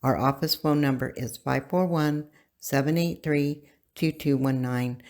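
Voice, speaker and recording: A language teacher giving a recorded lesson, speaking deliberately and pausing so learners can repeat words. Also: medium pitch, steady tone, darkish tone.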